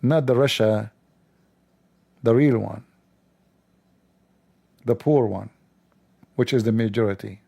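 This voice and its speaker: A man's voice: mid-range voice, takes it slowly, gravelly, long pauses, dark tone. A man hosting a livestream, giving sarcastic commentary on a video in scornful, mocking tones, with non-standard English grammar. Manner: mocking, scornful, exaggerated incredulity. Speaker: livestream host.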